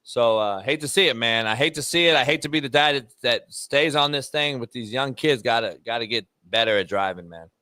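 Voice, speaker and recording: Middle-aged male sports talk host, rambling and profane, bright forceful voice. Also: mid-range voice, a little fast, few pauses, clean tone. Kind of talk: casual sports talk show banter.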